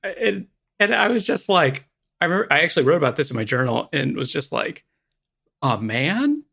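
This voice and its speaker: A man's voice: on the high side, animated, quick pace, vocal fry, sharp tone, slightly rough. A man co-hosting a podcast, telling a rambling, self-deprecating story in casual chat. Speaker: podcast co-host.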